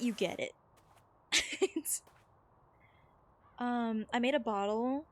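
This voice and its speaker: A woman's voice: fairly high pitch, very slow, long pauses, darkish tone. A woman streaming a game, chatting casually with viewers in a rambling, filler-heavy way and reading chat messages aloud. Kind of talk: casual chat while gaming.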